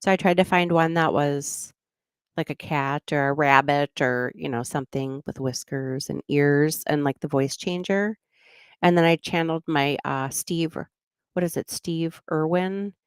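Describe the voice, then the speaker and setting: A middle-aged woman hosts a true crime channel in a casual livestream chat, rambling, laughing often, and slipping into goofy voices. Her voice is low and clean at a measured pace, recorded in a clean studio with no room sound.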